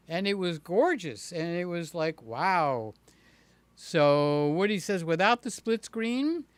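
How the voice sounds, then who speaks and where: On a dry recording, a man with a slightly bright voice hosts a laid-back livestream, reading chat messages out and addressing viewers by name. He's slow, chatty, and playful, even switching to a high voice to entertain a child.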